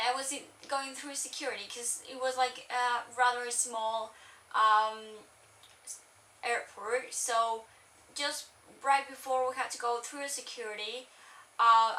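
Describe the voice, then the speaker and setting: Young woman, high and bright, rambling vlog story, roomy sound set back from the mic. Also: distant mic. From Spain. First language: Spanish. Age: young adult. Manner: chatty, rambling, full of "like". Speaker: vlogger. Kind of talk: casual storytelling.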